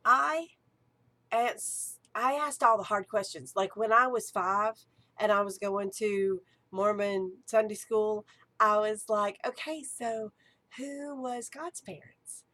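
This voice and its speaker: Woman, archpriestess type, eager and chatty in a casual teaching talk, mid-range pitch. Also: fairly even intonation, slow, sharp tone. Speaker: archpriestess and ritual director.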